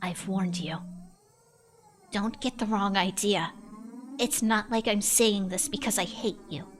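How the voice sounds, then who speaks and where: A woman voicing an eerie little girl who has turned cold and ominous, speaking in a measured, indifferent way. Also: medium pitch, slight background noise, lightly acted. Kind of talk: voicing a visual novel character.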